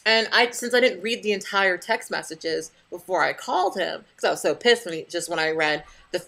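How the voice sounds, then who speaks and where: A woman's voice: on the low side, fairly quick, gravelly, few pauses, fairly bright tone. A young adult woman venting to camera in a casual vlog, blunt and profane as she tells her story. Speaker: vlogger.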